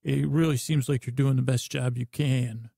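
A man voicing an apologetic male ship computer that pauses while processing and speaks gently. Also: mid-range voice, steady tone, creaky, dry recording, studio quality. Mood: consoling. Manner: hesitant, slow-processing, soothing.

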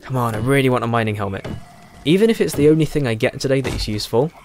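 A man giving casual let's play commentary, thinking aloud and chuckling, with a hoarse voice and a frog in his throat. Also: mid-range voice, animated, racing, a little mellow, slight background noise. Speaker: game streamer.

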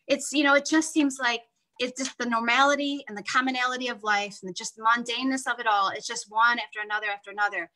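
Woman, Bible study leader, bright and slightly high, earnest conversational devotional teaching. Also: fairly even intonation, quick pace, poor audio.

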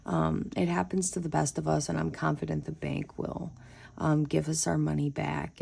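A woman's voice: deep voice, flat delivery, moderate pace, vocal fry, a little mellow, slightly rough. A young adult woman vlogging about budgeting in a chatty, casual way, often exclaiming and saying y'all. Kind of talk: casual chat to camera.

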